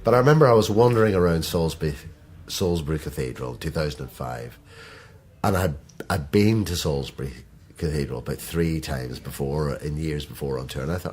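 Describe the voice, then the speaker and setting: A middle-aged man, an actor, chatting as a podcast guest with an animated, self-deprecating humor and frequent laughter. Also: very deep voice, fairly quick, slight background noise. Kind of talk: casual conversational interview.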